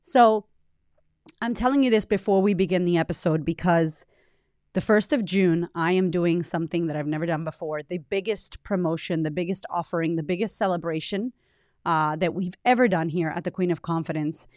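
A woman's voice: on the low side, moderate pace, darkish tone, no room sound. Woman, 30s, podcast host, casual motivational chat, emphatic, swears casually, close mic, dry sound. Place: home in Australia.

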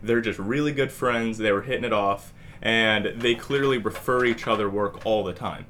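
A man's voice: fairly low pitch, moderate pace, fairly bright tone, slight background noise. A man co-hosting a podcast, telling a long story casually with lots of "like" fillers. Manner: rambling, heavy use of "like". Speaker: podcast co-host.

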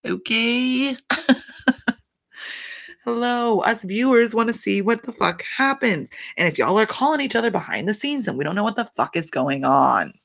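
Chatty, gravelly-voiced reality TV recapper. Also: medium pitch, sing-song, moderate pace, fairly bright tone. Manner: chatty, profane, full of fillers. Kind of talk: casual gossip recap.

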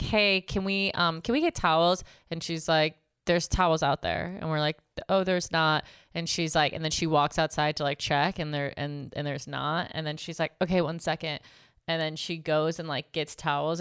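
Low, smooth-voiced woman, profane storyteller. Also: a little fast, dry recording, clean studio sound. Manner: profane, animated retelling with many "like"s. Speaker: podcast co-host. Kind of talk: casual storytelling chat.

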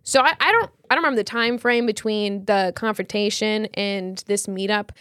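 A woman's voice: mid-range voice, normal speed, a bit bright, no room sound. A woman co-hosting a podcast, telling a story in casual chat with slang and lots of fillers. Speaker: podcast co-host.

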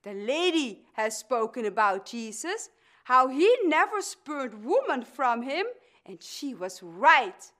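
An actress playing a middle-aged woman orator who is demanding women's rights, delivering the speech as a slow, emphatic dramatic reading. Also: high-pitched, big pitch swings, a bit bright, exaggerated voice. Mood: defiant.

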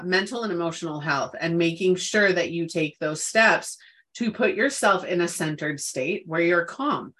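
A woman's voice: fairly low pitch, fairly bright tone. Emphatic woman chatting about wellness. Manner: emphatic, repeats words for stress. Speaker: podcast co-host. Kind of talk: casual wellness chat.

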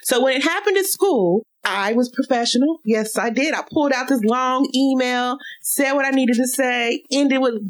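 A woman's voice: high-pitched, normal speed, hardly any pauses, rough recording. Outspoken laughing woman podcast host. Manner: animated, outspoken, laughs often. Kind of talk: casual podcast chat.

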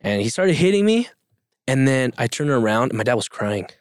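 A young man shares his story as a podcast guest, earnest and plain-spoken, breaking into laughs now and then. His voice sits at a middle pitch and sounds dry and close to the mic. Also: big pitch swings, brisk, no room sound. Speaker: interview guest. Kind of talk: casual podcast conversation.

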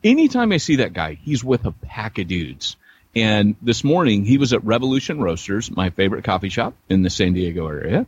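An American man co-hosting a podcast, telling stories in casual chat with a joking, animated manner. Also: on the low side, a little fast, highs cut off, a little hiss or hum. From United States. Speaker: podcast co-host. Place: San Diego area.

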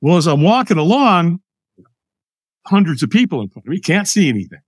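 Older man telling a lively story. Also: on the high side, fairly quick, husky, dry recording, studio quality. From United States. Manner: lively, acts out other people's lines. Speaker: podcast guest. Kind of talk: animated personal storytelling.

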